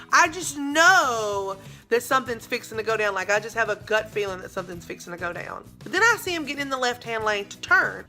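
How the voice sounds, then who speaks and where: A young woman telling a dramatic story in a casual vlog, with lively asides to her viewers. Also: fairly high pitch. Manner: animated, dramatic retelling with asides. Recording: faint background music.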